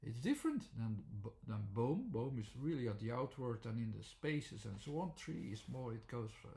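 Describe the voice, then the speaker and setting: Halting man, gravelly voice. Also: medium pitch, sing-song, warm tone. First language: Dutch. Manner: halting, many fillers and restarts. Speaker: teacher. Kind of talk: unscripted explanatory talk.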